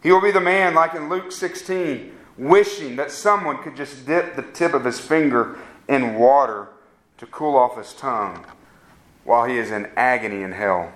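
A man's voice: medium pitch, normal speed, a bit bright. A man preaching a sermon, making earnest, pleading appeals to his listeners.

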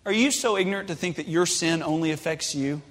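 A man preaching a sermon, passionate and rising to shouted pleas. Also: a little high, brisk. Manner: impassioned, builds to shouted pleas. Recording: long hall reverb.

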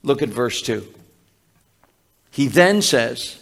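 A man preaches in an unhurried, teaching way, slowing down to lean on each quoted verse. His voice sits a little high for a man, and he often restarts a phrase mid-thought. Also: lively intonation. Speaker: pastor. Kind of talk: sermon.

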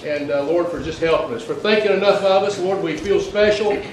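Guy praying out loud at church, kinda halting, says lord a lot, far off mic, faint room noise. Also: high voice. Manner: halting, repeats "Lord" often. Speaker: church member leading prayer. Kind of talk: spoken prayer. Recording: roomy, distant from the mic.

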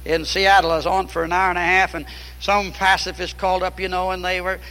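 A man's voice: high voice, little pitch movement, fairly quick, bright, forceful tone, in a large hall, low-quality recording. A man preaching a fiery sermon, emphatic and repeating key phrases.

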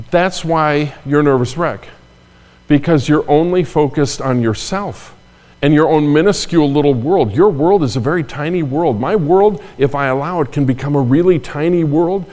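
A man's voice: medium pitch, normal speed, darkish tone. An older man, a pastor, delivering a sermon in a conversational way, with asides and repeated phrases. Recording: long hall reverb.

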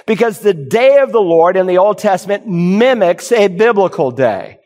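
A man preaching a sermon as pastor, animated and storytelling, sometimes acting out confused churchgoers. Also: high-pitched, normal speed. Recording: long hall reverb.

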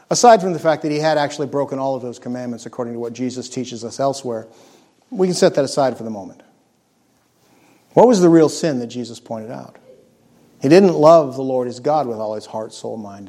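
A man preaching a sermon, earnest and emphatic, letting his voice sink low and soft on key words. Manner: earnest, emphatic preaching with dramatic drops in volume; acts out scripture quotes in character voices.

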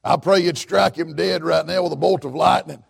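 A man putting on the voice of an old, soft-spoken male evangelist who talks low and deliberately. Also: vocal fry, slightly rough, full character voice. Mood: calm, blunt.

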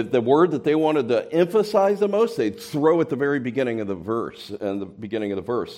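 Lively animated male preacher. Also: medium pitch. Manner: animated preaching with sudden loud emphatic peaks and soft asides; conversational, repeats words and restarts. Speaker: pastor. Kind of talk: sermon.

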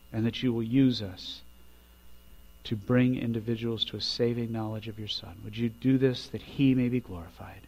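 A man preaches from the pulpit in a mid-pitched voice, swelling to forceful, loud climaxes before settling back down soft at the close of each thought. A low mains hum runs under the whole recording. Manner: builds to loud emphatic peaks, drops quiet on endings. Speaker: pastor. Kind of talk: sermon.

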